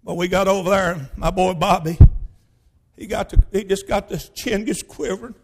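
A male pastor, telling a personal story in a sermon in a folksy, emphatic way that bursts into shouting. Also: high voice, normal speed.

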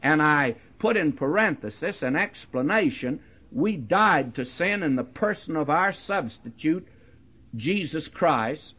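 Male preacher, husky and animated, conversational Bible teaching, emphatic; muffled lo-fi tape. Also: fairly high pitch, unhurried. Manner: conversational, addresses listeners directly with "you see" and "my friend"; emphatic, leans into key words. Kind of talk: verse-by-verse Bible teaching sermon. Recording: dull lo-fi recording.

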